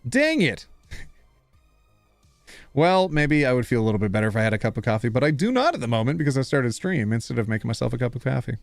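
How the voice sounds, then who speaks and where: A man's voice: mid-range voice, animated, fast talker, creaky, no echo, faint music behind. A male streamer chatting casually with his viewers and reading posts aloud in a playful, laughing manner.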